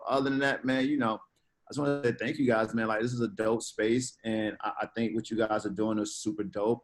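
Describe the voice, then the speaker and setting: A man talking as a guest in a casual interview, lively and slangy, acting out quoted conversations. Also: on the low side, poor audio. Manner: animated, slangy, acts out quoted exchanges.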